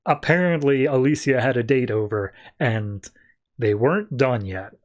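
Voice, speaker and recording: A man's voice: mid-range voice, normal speed. A man hosting a podcast, casually recapping comic book issues in a loose, chatty way full of filler words. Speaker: podcast host.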